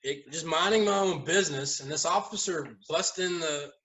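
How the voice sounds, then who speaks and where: A man chatting casually at a round table, telling lively stories and laughing often as he goes. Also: on the high side, moderate pace, poor audio. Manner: animated storyteller, laughs often. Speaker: haunt owner, podcast regular. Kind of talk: casual storytelling chat.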